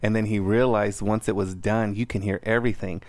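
A man's voice: lowish voice, fairly even intonation, a little fast, a little mellow, no room sound. A man co-hosting a podcast, talking in a rambling casual way with crude jokes and many restarts. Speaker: podcast co-host. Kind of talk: casual chat.

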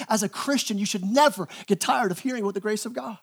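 A man preaching a sermon as pastor, animated, acting out quoted voices and often repeating words as he starts a phrase. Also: extremely high pitch, quick pace, creaky, hardly any pauses.

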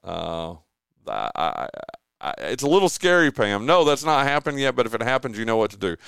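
A man's voice: medium pitch, very animated, moderate pace, gravelly, a bit bright, clean tone, dry recording, clean studio sound. A man hosting a local sports radio show, chatting casually and rambling through sponsor reads with lots of fillers. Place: radio studio. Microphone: close studio mic.

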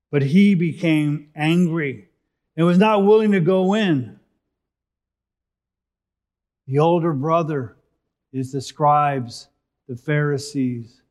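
A man preaching a sermon, reading scripture and explaining it, rising for emphasis and then dropping to a soft close. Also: fairly high pitch.

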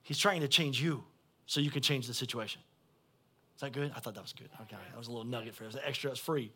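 A man, preaching a sermon as pastor and swinging between quiet asides and loud shouted calls. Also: mid-range voice, fast, slightly rough. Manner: blunt, folksy preaching.

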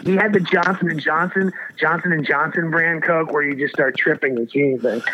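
A man's voice: a little high, steady tone, moderate pace, bright, forceful tone, a little hiss or hum. A man telling a wild story in casual chat, rambling and swearing with lots of restarts. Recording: dull lo-fi audio.

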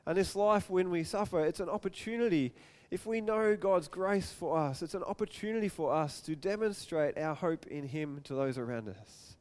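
A man preaching a sermon, telling an animated story and acting out the voices in it. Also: high-pitched, normal speed, hardly any pauses. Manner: animated, acts out scenes with quoted voices.

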